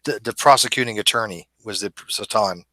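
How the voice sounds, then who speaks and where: A man's voice: fairly low pitch, a little fast, pushed and bright. A man hosting a debate channel in casual chat, talking conversationally with many fillers.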